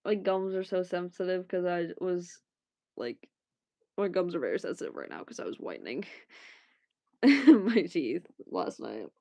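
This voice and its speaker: A woman talks casually to her livestream chat at an unhurried pace. She rambles and breaks into laughs between replies. Her voice sounds dry and close. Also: fairly low pitch, sing-song, gravelly, dark tone, dry recording.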